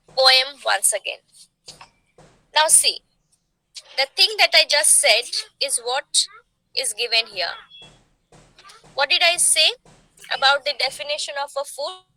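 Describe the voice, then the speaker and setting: A woman teaching poetic meter, explaining slowly and asking rhetorical questions. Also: sits high, bright, forceful tone, no echo, low-quality recording. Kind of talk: poetry meter lesson.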